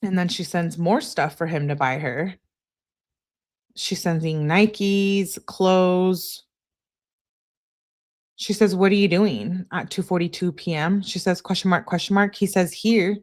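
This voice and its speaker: A woman's voice: on the low side, fairly even intonation, a little slow. A woman hosting a true crime channel, reading text messages aloud in a plain way and spelling out abbreviations letter by letter.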